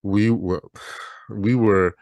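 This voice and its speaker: A man co-hosting a podcast, telling a story in relaxed, casual chat. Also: fairly low pitch, slow pace, creaky, no echo, muffled recording. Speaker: podcast co-host.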